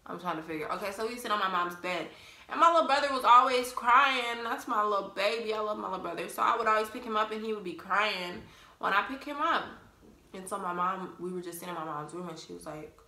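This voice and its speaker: Blunt young woman telling a story, bright voice. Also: mid-range voice, fast talker, vocal fry. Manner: blunt, laughing, cussing freely. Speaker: vlogger. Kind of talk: casual storytime, profane. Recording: roomy echo.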